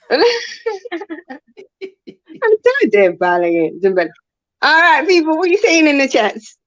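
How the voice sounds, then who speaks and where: A woman's voice: high voice, big pitch swings, slow pace. Laid-back woman on a dull call line. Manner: easygoing, smooth and laid-back. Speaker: livestream guest. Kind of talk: casual livestream chat.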